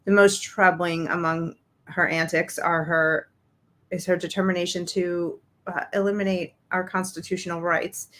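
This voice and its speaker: A woman's voice: fairly low pitch, flat delivery, moderate pace, fairly bright tone. A woman from Brooklyn hosting a political commentary show, blunt and sarcastic in a conversational way. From Brooklyn, New York, USA. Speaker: host.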